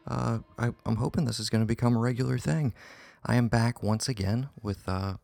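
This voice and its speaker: A man's voice: mid-range voice, steady tone, brisk, creaky, darkish tone. A man hosting a casual film review podcast, talking in a rambling, hesitant way with many false starts. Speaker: podcast host.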